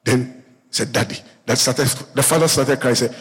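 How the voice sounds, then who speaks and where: A male pastor preaching a sermon, telling a Bible story with lively acted-out voices and calling out to his congregation. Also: medium pitch, normal speed, slightly rough. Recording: echoey hall reverb.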